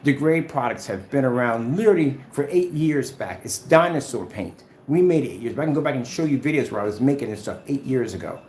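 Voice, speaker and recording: A man's voice: medium pitch, lively intonation, a little fast, few pauses, a little mellow. A man speaks off the cuff in a vlog, by turns combative and chatty, circling back to the same phrases. His mid-range voice bounces around an echoey room with a faint hum underneath. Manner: combative, trash-talking, repetitive. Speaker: screen paint maker and vlogger.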